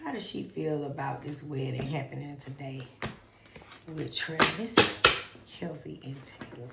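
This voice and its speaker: Chatty tarot reader, echoey room. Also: female voice, rumbling low, a little slow, gravelly, very noisy. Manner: chatty, dramatic, talks to spirit and viewers. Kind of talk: casual tarot reading.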